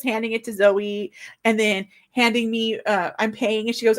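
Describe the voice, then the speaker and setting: A chatty woman in her forties hosts a livestream for her new book. Her voice sits on the high side and bubbles with eager excitement. She rambles happily in the easy tone of a casual stream. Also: normal speed. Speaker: author hosting a book launch livestream.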